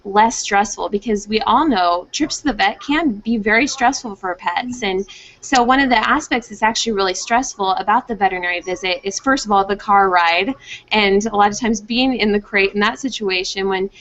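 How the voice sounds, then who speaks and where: Heard through muffled, dull video call audio with slight background noise, a young female pet trainer talks at a moderate pace in a mid-range voice. Her advice is chatty and animated, with playful voices acting out what dogs are thinking.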